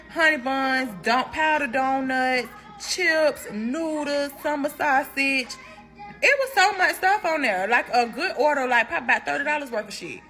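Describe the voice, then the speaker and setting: A young woman telling a prison story in a storytime vlog, animated and slangy, laughing as she goes. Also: sits high, creaky.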